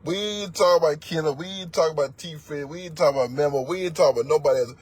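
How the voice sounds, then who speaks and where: A man's voice: fairly high pitch, racing, slightly rough. A man teaching as a religious elder, preaching in a blunt, profane, emphatic way and repeating words for force. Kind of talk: fiery sermon-style teaching.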